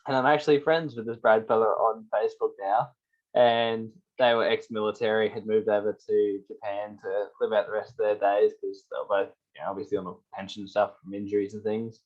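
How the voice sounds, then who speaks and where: An Australian man co-hosting a casual chat show, laughing his way through relaxed travel stories. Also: on the low side, brisk, lo-fi sound. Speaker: podcast co-host.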